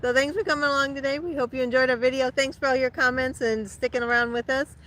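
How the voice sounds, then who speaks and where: A woman's voice: high-pitched, fairly even intonation, fast talker, fairly bright tone, slight background noise, rough recording. A woman co-hosting a casual vlog outdoors, giggling and chiming in. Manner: giggly, chiming in short replies. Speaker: vlog co-host. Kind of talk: casual live-stream sign-off. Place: outdoor campground.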